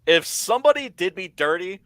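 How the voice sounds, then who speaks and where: A man talks shop on a casual comics stream, leaning into his stories with emphatic, animated delivery. His voice has a slightly higher pitch and a forceful, bright edge. The sound is dry and close. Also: fairly quick, no room sound. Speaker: comic creator guest. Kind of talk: casual podcast chat.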